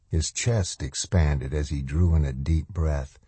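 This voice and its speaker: A man reads a horror novel in a slow, measured, grave voice. His tone is deep and dark with a husky grain. It is recorded close on the mic in a dry, quiet space. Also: no echo. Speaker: audiobook narrator. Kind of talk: scripted horror narration.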